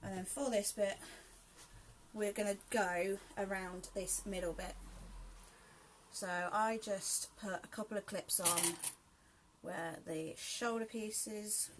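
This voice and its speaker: A woman's voice: mid-range voice, fairly even intonation, slow pace, long pauses, a little hiss or hum. A woman with a southern English accent picked up with South Yorkshire touches hosts a live sewing tutorial. She talks in a chatty, friendly way, greeting viewers by name between steps. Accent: southern English mixed with South Yorkshire. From southern England. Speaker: sewing host. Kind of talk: live sew-along tutorial.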